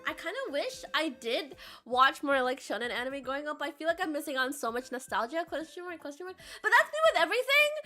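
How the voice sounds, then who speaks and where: A woman chatting casually on a stream, reading out chat and rambling with lots of filler words, sometimes breaking into laughing shouts. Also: high voice.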